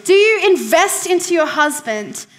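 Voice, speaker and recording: Bright-voiced woman preaching a sermon. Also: very high-pitched, very animated, unhurried. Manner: conversational and emphatic, asks the congregation questions; repeats key phrases for emphasis. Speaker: pastor.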